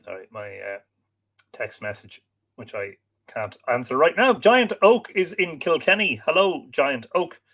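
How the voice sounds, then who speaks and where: Irish male stream host, slightly higher voice, easygoing chat, reads viewer names aloud and trips on a few. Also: big pitch swings, unhurried, fairly bright tone, breathy edge. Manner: friendly, chatty, stumbles over names. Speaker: livestream host. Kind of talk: casual chat, greeting viewers.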